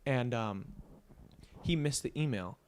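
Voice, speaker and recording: A young man hosting a casual podcast chat, speaking at an ordinary pitch. He tells a long story in a loose, rambling way, swearing freely and leaning on "like" over and over. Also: takes it slowly, a little mellow, slight background noise. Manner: profane, rambling, heavy use of "like". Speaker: podcast host.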